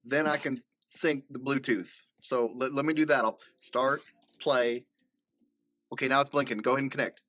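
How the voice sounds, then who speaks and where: A man's voice: mid-range voice, steady tone, normal speed, a bit bright. A man playing a tabletop game, rambling in a goofy in-character way. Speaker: player. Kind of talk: casual tabletop role-play chat.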